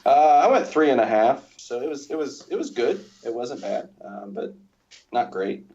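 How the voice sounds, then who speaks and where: A man's voice: medium pitch, big pitch swings, moderate pace, darkish tone, a little hiss or hum. A man guesting on a podcast, chatting casually, laughing easily and restarting sentences. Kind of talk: casual roundtable chat. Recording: dull lo-fi podcast audio.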